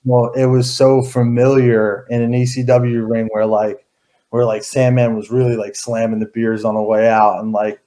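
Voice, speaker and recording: A man's voice: mid-range voice, flat delivery, normal speed, warm tone. A man in his thirties, an interview guest, telling stories in a rambling casual way with many fillers and restarts.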